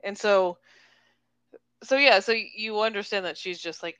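A woman's voice: medium pitch, moderate pace, a bit bright, clean tone, no echo. A woman in casual conversation about a novel, acting out quotes in playful voices. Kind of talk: casual book discussion.

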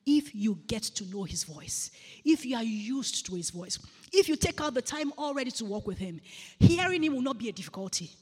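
A woman's voice: a little high, lively intonation, brisk, a little mellow, slightly rough, in a large hall. A woman preaching a sermon in a church, earnestly repeating phrases for emphasis.

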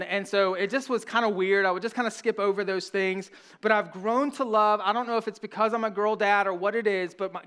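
A man's voice: high voice, fairly bright tone, clear, resonant tone. A man in his thirties, a pastor, preaching a sermon in an earnest, conversational way with frequent restarts.

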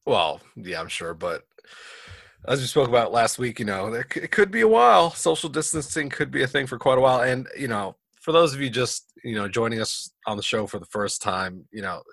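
A man co-hosting a casual podcast, chatty and relaxed, with plenty of fillers and restarts. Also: mid-range voice, a little fast, creaky, dry recording, clean studio sound. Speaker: podcast co-host.

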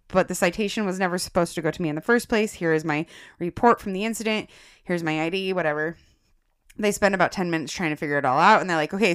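A woman co-hosting a podcast, telling a personal story in casual chat. She is animated, laughs often and addresses the listeners as guys. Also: lowish voice, clean tone. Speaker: podcast co-host.

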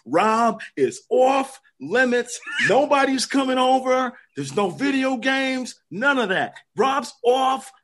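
Man putting on a stern New York dad, high and slow, laying down the law. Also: lively intonation, fairly bright tone, exaggerated voice. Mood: angry. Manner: stern, barking orders. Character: angry strict dad, middle-aged man.

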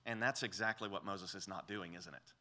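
A man preaching an expository sermon through a Bible passage, animated and acting out quoted speech. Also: sits low, fairly quick. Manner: animated, voices quoted speech with rising intensity. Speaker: pastor.

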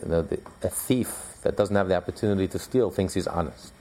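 A man's voice: low-pitched, a little fast, dark tone. A man teaching a recorded Torah class, emphatic and conversational, repeating his points with fillers.

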